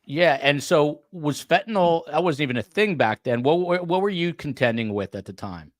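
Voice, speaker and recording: A man's voice: fairly high pitch, animated, normal speed, dry recording, studio quality. A man hosting a true crime podcast, with a New York accent, chatting loosely with guests and full of fillers. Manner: loose, rambling, many fillers. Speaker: podcast host. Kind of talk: casual interview chat.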